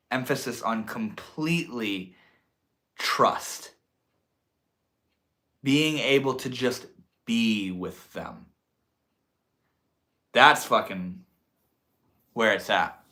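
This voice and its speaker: Slow reflective male streamer, bright tone. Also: mid-range voice. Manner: reflective, drawn-out, swears casually. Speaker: livestream host. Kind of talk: casual livestream talk.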